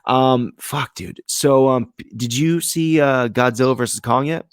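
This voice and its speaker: This man from Vermont co-hosts a podcast, speaking at medium pitch, a little slowly, with a clear, resonant tone and no echo. The casual chat is rambling and joking, with a lot of swearing.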